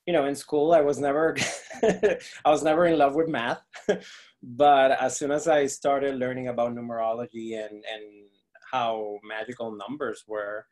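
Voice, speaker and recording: A man's voice: medium pitch, little pitch movement, measured pace, darkish tone. A man in his thirties, a guest tarot reader on a video call, laughing often and hesitating with ums. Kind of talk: casual video chat.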